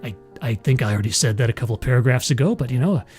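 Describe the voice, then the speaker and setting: A man's voice: medium pitch, very fast, darkish tone, faint music behind. A man hosting a livestream, reading an article aloud and mocking it with sarcastic asides. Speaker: streamer host.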